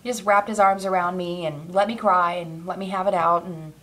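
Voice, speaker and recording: A woman's voice: fairly low pitch, steady tone, a little fast, bright, forceful tone. A young adult woman talking casually to her camera in a personal vlog, rambling and emotional, with many fillers, restarts and small laughs. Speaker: vlogger.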